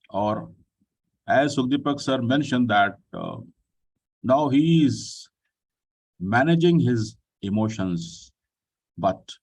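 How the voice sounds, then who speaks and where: A man leads an online group session. He speaks at a middle pitch, courteous and unhurried, with plenty of filler sounds. His voice comes from a bit back from the mic. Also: darkish tone, slightly rough, distant mic, low-quality recording. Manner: polite, addresses people with "ji" and "sir"; pauses with frequent fillers. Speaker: session host.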